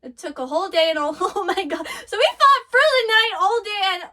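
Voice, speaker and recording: Giggly, high-pitched woman gushing. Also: brisk. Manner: giggly, gushing, excitable, thinks aloud in fragments. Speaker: anime reaction host. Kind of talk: casual reaction commentary.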